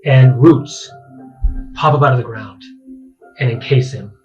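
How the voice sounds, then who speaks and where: A man working as dungeon master, narrating a tabletop game in a halting way full of restarts. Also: mid-range voice, darkish tone, muffled recording, faint music behind.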